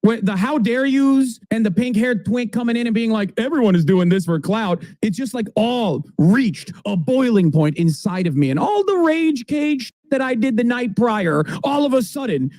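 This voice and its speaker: A man with a very high voice jokes and mocks his way through a debate clip, animated and sarcastic. The sound is dry and close. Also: normal speed, few pauses, no echo. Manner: mocking, animated, jokey. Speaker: reaction commentator. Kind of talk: comedic reaction commentary.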